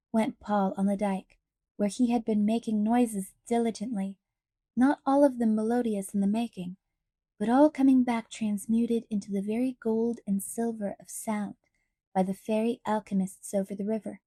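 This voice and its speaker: A woman narrating an audiobook in a calm, measured storytelling manner. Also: fairly high pitch, no room sound, clean studio sound.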